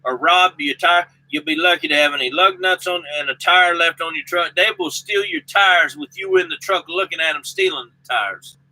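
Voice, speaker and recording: A man's voice: a little high, moderate pace, hardly any pauses, sharp tone, poor audio. A man with a Southern US accent, a truck driver chatting casually and rambling to his viewers by name. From Southern United States. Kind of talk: casual live chat with viewers.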